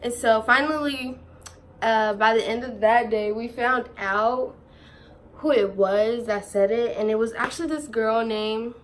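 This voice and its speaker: A young woman in her teens telling a storytime vlog in casual chat, animated, slangy and quick to laugh while she quotes others. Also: fairly high pitch, slight background noise. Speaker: vlogger.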